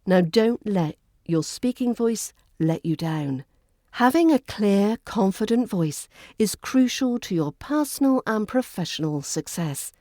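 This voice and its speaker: A woman with a British RP accent, hosting a podcast lesson in a clear, measured, well-enunciated delivery. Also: mid-range voice, animated, dark tone, no room sound, studio quality. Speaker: accent coach and podcast host.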